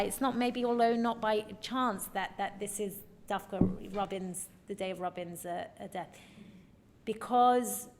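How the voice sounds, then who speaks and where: A woman's voice: fairly high pitch, a little hiss or hum. A woman teaching a Torah lecture in an earnest, emphatic way, often checking in with her listeners. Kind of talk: recorded lecture.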